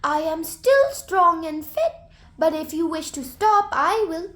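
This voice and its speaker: A woman's voice: extremely high pitch, lively intonation, pitched above the performer's own voice, heavily acted. Woman doing a sly little trickster hare. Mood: teasing. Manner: soft, drawn-out, faraway calling voice.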